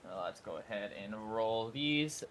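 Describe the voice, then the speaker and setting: A man's voice: on the low side, animated, measured pace, a bit bright, slight background noise. A man playing in a tabletop game, chatting casually and correcting himself as he goes. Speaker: player.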